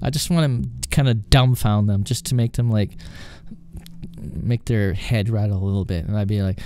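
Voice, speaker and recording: A man's voice: lowish voice, fairly even intonation, normal speed, warm tone, dry recording. A Canadian man hosting a podcast, casually telling call-centre stories and acting out the quoted phone calls. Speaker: podcast host and former call-centre agent. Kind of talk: casual storytelling.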